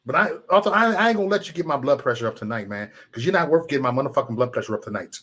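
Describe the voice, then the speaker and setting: A man hosting a livestream rants heatedly at his chat, swearing a lot and repeating himself. His mid-range voice is expressive, rapid-fire, and a bit bright.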